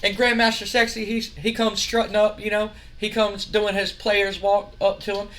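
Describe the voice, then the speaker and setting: A man's voice: high-pitched, little pitch movement, normal speed, fairly bright tone, a little hiss or hum. A man casually recapping a wrestling sim game in a chatty, rambling way. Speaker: game host.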